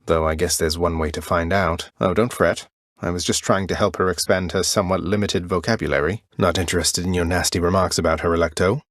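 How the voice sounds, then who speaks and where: Wry, good-natured young underworld prince, lowish voice, dry studio sound. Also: male voice, steady tone, brisk, a bit bright, no room sound. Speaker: video game protagonist. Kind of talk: game voice lines.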